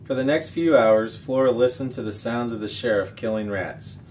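A man reading a children's novel aloud as the show's regular reader, steady and expressive. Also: medium pitch, moderate pace. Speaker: story reader. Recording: distant mic, faint noise.

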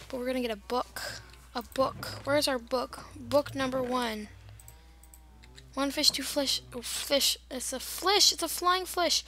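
Young woman, high voice, slow unhurried talk, gameplay chatter, silly rambling. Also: pushed and bright. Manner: rambling, giggly, silly tangents. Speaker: gamer. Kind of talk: casual gameplay commentary.

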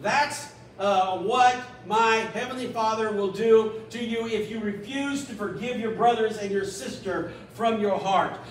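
A man preaching a sermon as pastor, animated, acting out a scripture story in quick little voices. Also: sits high, slight background noise. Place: church. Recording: echoey church room from a distance.

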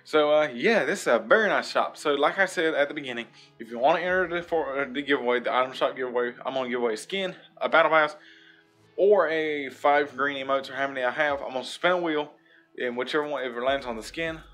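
A man hosts a gaming channel from his room and rambles cheerfully through the day's item shop. His voice is bright and forceful. He piles on praise as he goes, while faint game music plays in the background. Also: mid-range voice. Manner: rambling and upbeat, repeats praise often. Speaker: gaming YouTuber host. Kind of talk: casual video game shop review. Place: home room.

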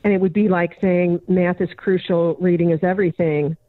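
A woman's voice: fairly low pitch, fairly even intonation, normal speed, no echo. A woman guest on a podcast, telling a story in conversation and acting out both sides of a dialogue. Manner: acts out both sides of a dialogue, plays each remembered voice. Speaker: podcast guest, educator and consultant. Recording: narrow, phone-like audio of a remote interview.

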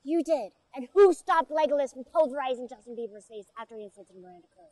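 A woman's voice: sits high, lively intonation, quick pace, warm tone, no room sound, rough recording. A woman playing a tough, foul-mouthed military drill instructor in a comedy sketch, barking bossy commands. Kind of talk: comic sketch acting.

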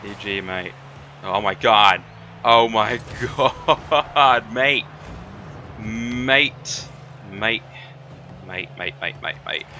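A young man giving excited, trash-talking commentary while playing a video game, tossing "man" and "mate" into nearly every line. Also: lowish voice, drawn-out words, pauses often, slight background noise. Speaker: gamer. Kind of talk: live gameplay commentary.

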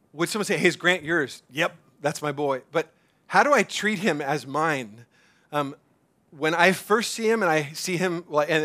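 A middle-aged man preaching a conversational sermon, animated, with many fillers and restarts, sometimes dropping to a soft hush. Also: on the high side. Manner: drops to a soft hush for emphasis. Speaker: pastor.

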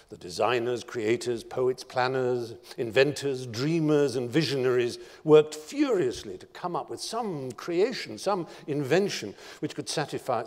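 Expressive male storyteller in a reverberant hall. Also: mid-range voice. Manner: dramatic, expressive storytelling with lists. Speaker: guest lecturer. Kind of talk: storytelling lecture. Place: lecture hall.

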